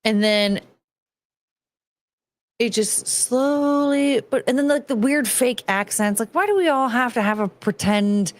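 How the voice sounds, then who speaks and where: A woman's voice: fairly high pitch, animated, normal speed, few pauses. A woman hosting a podcast, ranting bluntly and casually, swearing and restarting her sentences. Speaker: podcast host. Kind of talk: casual opinionated rant.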